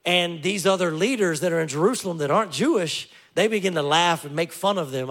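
Male pastor, mid-high voice, animated story-driven sermon with wry humor. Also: brisk, hardly any pauses. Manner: lively storytelling with joking asides.

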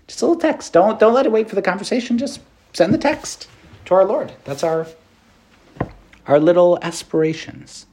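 Here a Catholic priest, male voice pitched high, keeps a moderate pace through a casual, lively meditation that sounds like conversation and is full of fillers.

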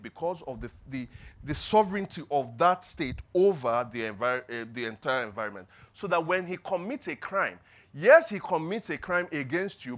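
A man preaching a sermon in church, asking rhetorical questions and building to loud emphatic peaks before dropping low. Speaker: pastor.

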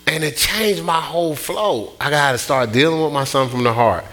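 A middle-aged man preaching a sermon, telling stories in an animated way with many restarts and repeats. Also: a little high, moderate pace. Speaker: pastor.

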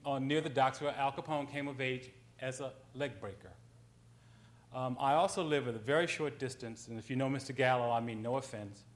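Man telling a street anecdote. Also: medium pitch. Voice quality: conversational, with frequent ums and self-corrections. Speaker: writer on a panel. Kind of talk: storytelling anecdote on a panel.

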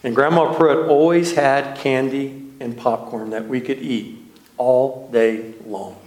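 A man from Texas, a minister, telling a slow, nostalgic childhood story as a sermon with light laughs. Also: mid-range voice, steady tone, darkish tone, echoey room, low-quality recording.

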